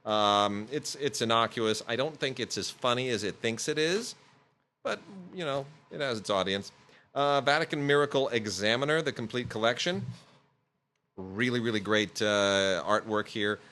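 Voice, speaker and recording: A man's voice: medium pitch, moderate pace, pushed and bright. A man hosting a podcast, chatting casually through home video reviews with plenty of fillers and restarts. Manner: rambling, many fillers and restarts.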